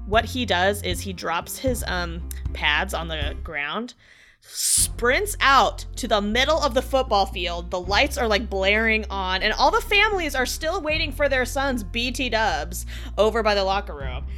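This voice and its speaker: A woman's voice: mid-range voice, lively intonation, measured pace, sharp tone. Woman telling a story over music. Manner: casual, vivid, swears. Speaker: podcast guest in a preview clip. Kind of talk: animated storytelling.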